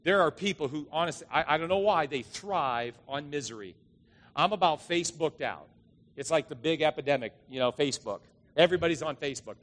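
A middle-aged male pastor preaching a sermon, telling stories and acting out the voices with drawn-out dramatic lines. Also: fairly high pitch, fairly bright tone. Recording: long hall reverb.

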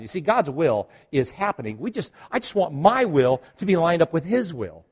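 A male pastor telling a story in a sermon, swinging between loud and hushed and joking with the congregation. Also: on the high side, big pitch swings, normal speed, few pauses, slightly rough. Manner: jokes with the congregation.

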